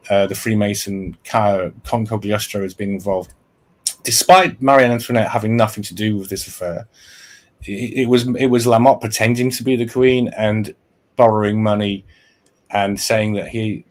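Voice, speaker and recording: A male podcast host with a fairly low voice walks through a historical plot in casual talk. Reading from notes, he keeps pausing to restart and correct himself.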